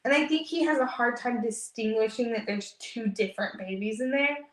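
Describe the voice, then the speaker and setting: A chatty, giggly young woman, talking on a family live stream. Her voice is a little higher than most. The sound carries a roomy echo from a home office. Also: brisk, a bit bright. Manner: chatty, giggly, reads comments aloud. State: pregnant with twins. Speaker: vlog co-host. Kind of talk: casual live-stream chat.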